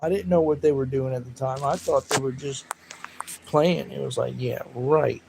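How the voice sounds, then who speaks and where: Gravelly man rambling on a livestream. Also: mid-range voice, moderate pace, noisy background. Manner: rambling, animated storytelling with loud laughing outbursts. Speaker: livestream host. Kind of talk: casual livestream chat with viewers.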